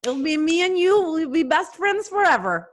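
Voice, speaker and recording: A goofy foreign man with a thick, exaggerated comic accent, put on by a woman. He gushes loudly in a voice pitched far above her own, every word overplayed for laughs. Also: big pitch swings, normal speed. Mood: gushing. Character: goofy foreign male reporter impression.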